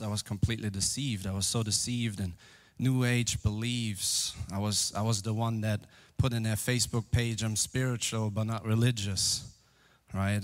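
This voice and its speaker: A man in his twenties sharing his personal testimony in church, speaking in an earnest and candid way. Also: fairly low pitch. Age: 20s. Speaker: guest giving testimony. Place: church, live.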